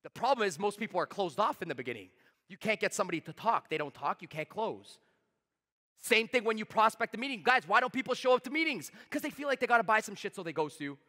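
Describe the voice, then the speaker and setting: A man giving a live sales seminar, talking fast, emphatic and blunt, swearing freely at his audience. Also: high voice, very animated, bright, forceful tone, long reverb tail. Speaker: sales trainer.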